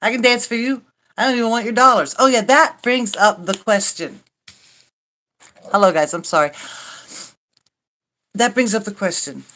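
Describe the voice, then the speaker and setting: A woman's voice: on the high side, moderate pace, long pauses, a bit bright, a little hiss or hum. An older woman hosting a casual livestream chat, rambling and wry, mocking herself and swearing now and then. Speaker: livestream host.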